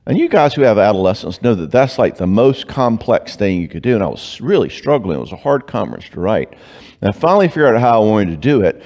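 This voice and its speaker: A man's voice: fairly low pitch, quick pace. A man giving a live talk at a church marriage conference, telling stories and acting out dialogue with humor. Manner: animated, acts out quoted dialogue with humor. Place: church before a live audience. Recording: long reverb of a church hall.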